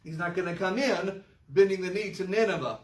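Male Bible teacher, high-pitched, emphatic and wry, miked from a distance. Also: brisk. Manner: animated, emphatic, with sarcastic asides. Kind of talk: verse-by-verse Bible study lesson. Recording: roomy echo, mic far off.

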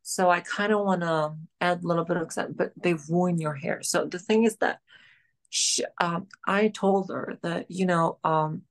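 A woman's voice: fairly low pitch, moderate pace. A woman, a podcast guest chatting casually and rambling with lots of fillers. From country of Georgia. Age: late 20s. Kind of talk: casual chat.

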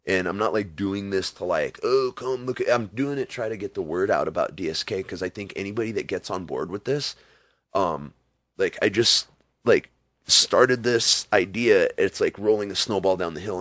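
This man's deep, slightly bright voice comes through with no room sound. Chatting casually with an interviewer, he rambles through stories and performs the quoted lines.

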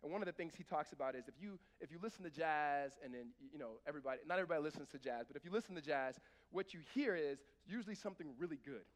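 A man with a high voice preaches a sermon, talking to the congregation like a conversation and breaking into emphatic bursts. His voice rings with the long reverb of a large hall. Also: racing. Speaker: pastor.

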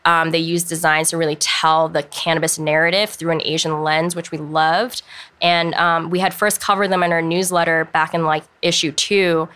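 Young woman, podcast guest, casual and filler-heavy; bright, crisp tone. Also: sits low, flat delivery, moderate pace. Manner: chatty, filler-heavy, frequent "um" and "like".

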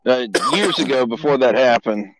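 A man's voice: mid-range voice, expressive, normal speed, poor audio. A man from Texas in casual podcast chat, telling easygoing stories.

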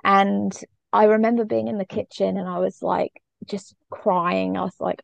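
A woman's voice: medium pitch, steady tone, moderate pace, creaky, dry recording, muffled recording. A middle-aged woman, a parenting coach, speaking earnestly and openly as a podcast guest. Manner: earnest, reflective, emotionally open. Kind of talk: conversational interview storytelling.

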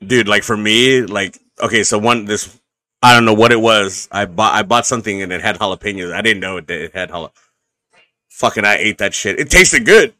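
A man hosting a casual podcast chat, his voice deeper and rougher from acid reflux, rambling and swearing with many restarts. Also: fairly quick, bright, forceful tone, no room sound. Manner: rambling and profane, with frequent restarts. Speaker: podcast host.

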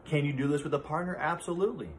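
Earnest man with a higher voice. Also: rapid-fire, slight background noise. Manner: earnest, heartfelt, speaks from personal experience. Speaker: podcast host. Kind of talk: reflective solo talk.

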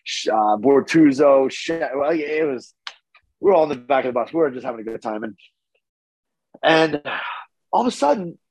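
A man telling a story casually as a podcast guest, animated, with his voice jumping up when he gets excited and swearing freely. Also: mid-range voice, normal speed, pauses often, slightly rough, no echo, low-quality recording.

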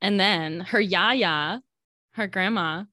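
A woman co-hosting a podcast, retelling a movie's scenes in upbeat casual chat with giggles and quick quoted lines. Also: mid-range voice, pushed and bright, no echo, studio quality. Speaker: podcast co-host.

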